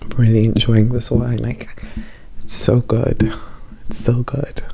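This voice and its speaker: A man's voice: medium pitch, monotone, measured pace, gravelly, mellow, slightly rough. A young man in a casual storytime chat, a bit tipsy from wine, rambling and repeating himself as he tells the story. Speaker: vlogger.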